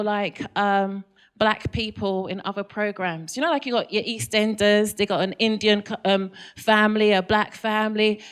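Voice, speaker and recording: A woman's voice: fairly high pitch, clean tone. A woman in her thirties with a London accent, doing a stand-up comedy set and teasing the crowd with questions. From England. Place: comedy club stage.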